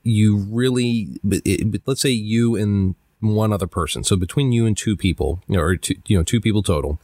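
A man's voice: on the low side, a little fast, darkish tone, no echo, clean studio sound. A man co-hosting a casual podcast chat, laughing and teasing his co-host.

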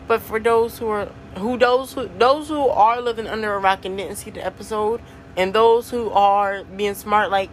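Young woman podcaster, casual slangy chatter with easy laughs, faint noise underneath. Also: a little high. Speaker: podcast host. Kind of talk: casual solo podcast chat.

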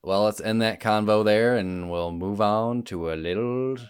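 A man's voice: fairly low pitch, measured pace, clean tone. A man hosting a podcast in casual chat, running a quiz with playful banter.

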